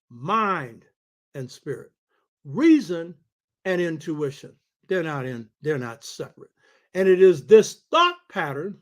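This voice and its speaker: High-voiced older man lecturing like a preacher. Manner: preaching cadence, calls out to listeners for agreement. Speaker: show host. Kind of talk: lecture-style radio talk.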